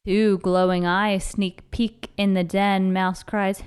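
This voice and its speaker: Slow, smooth-voiced woman reading aloud. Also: medium pitch. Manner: rhythmic, expressive reading. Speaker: storybook reader. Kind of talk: children's book read-aloud.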